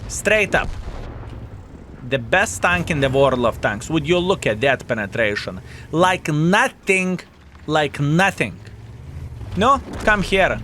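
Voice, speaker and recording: A man's voice: mid-range voice, very animated, a little slow, bright, forceful tone, a little hiss or hum. A man streaming a tank game, commenting on the action, swearing and thanking chat viewers by name. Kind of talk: live gameplay commentary and chat reading.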